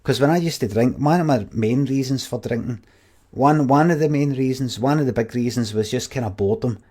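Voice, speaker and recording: A Scottish man in his forties chats loosely to his stream viewers. He swears freely, rambles and cuts himself off mid-thought, in an ordinary middle-pitched voice. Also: fairly quick, dark tone. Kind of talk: casual storytelling to viewers.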